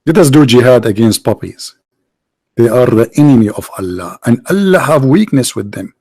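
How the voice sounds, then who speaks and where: A man's voice: medium pitch, expressive, moderate pace, a little mellow, breathy edge, no echo, poor audio. A man hosting a livestream debate, mocking and sarcastic, firing off rhetorical questions in non-native English.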